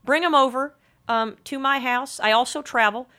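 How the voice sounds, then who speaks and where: A woman's voice: sits high, normal speed, pushed and bright. A woman delivering a rambling comic monologue in a mock-earnest, frank and crude way.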